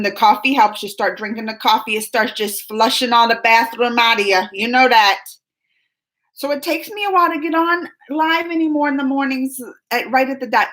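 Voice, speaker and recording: A woman in her thirties hosting a casual livestream, chatting and rambling to viewers with lots of restarts and asides, her pitch jumping up when she gets excited. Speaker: livestream host. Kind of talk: casual live chat with viewers.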